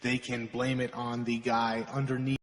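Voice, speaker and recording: A man's voice: medium pitch, flat delivery, normal speed, big-room sound. A man narrating his own court video, aggrieved and lecturing. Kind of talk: explanatory voice-over.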